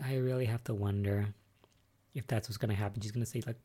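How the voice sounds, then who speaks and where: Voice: medium pitch, fast talker, slightly rough. A podcast host recapping soap episodes in a casual solo chat, rambling and musing aloud with lots of fillers. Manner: excitable and spoiler-wary.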